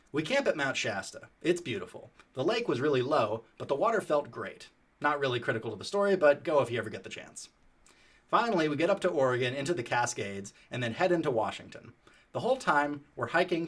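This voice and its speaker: A man narrating a story in a casual, animated, profane conversational way. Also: medium pitch.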